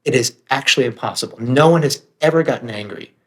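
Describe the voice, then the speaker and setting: A man's voice: medium pitch, fast. A man speaking as a podcast guest, earnest and reflective, swearing now and then for emphasis. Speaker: author and meditation teacher, guest. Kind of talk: candid podcast conversation.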